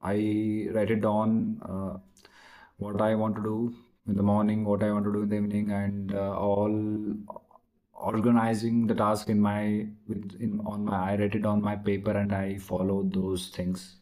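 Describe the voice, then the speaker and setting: A man practicing spoken English in conversation, halting and searching for words, with many restarts. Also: on the low side, monotone, dark tone, low-quality recording. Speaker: English learner practicing speaking.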